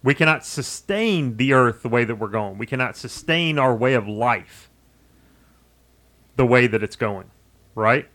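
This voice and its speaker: Man co-hosting a podcast, emphatic, mid-pitched, casual and animated. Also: measured pace, long pauses. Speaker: podcast co-host. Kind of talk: casual chat.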